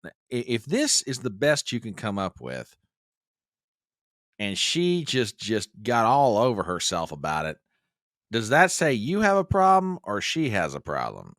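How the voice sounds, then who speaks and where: A man in casual podcast chat, animated and protesting, repeating himself for effect. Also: on the low side, a little slow, no echo, studio quality.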